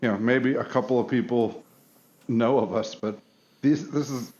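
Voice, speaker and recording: A man co-hosting a podcast who talks in a halting, hesitant way with many restarts. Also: mid-range voice, steady tone, darkish tone, muffled recording. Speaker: podcast co-host. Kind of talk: casual chat.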